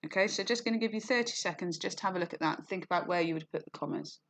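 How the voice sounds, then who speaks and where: A woman with a fairly low voice teaching an online lesson. She explains step by step, often says "okay" and "you know", and now and then acts out a short quoted line. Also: racing, creaky, a bit bright. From England. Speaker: English teacher.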